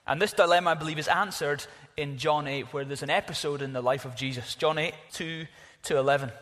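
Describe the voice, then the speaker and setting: A preacher delivers a sermon with emphatic, animated storytelling. His voice sits a little high for a man. A long reverb trails after every phrase, as in a large hall. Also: a little fast.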